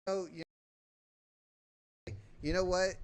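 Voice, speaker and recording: A young man hosting a casual livestream, swearing often and breaking into loud excited outbursts while he plays a game. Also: sits high, slow. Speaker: livestream host.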